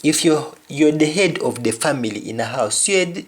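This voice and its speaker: A man with a Jamaican accent giving a language lesson, deliberately repeating each example word. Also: mid-range voice, expressive. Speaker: language teacher.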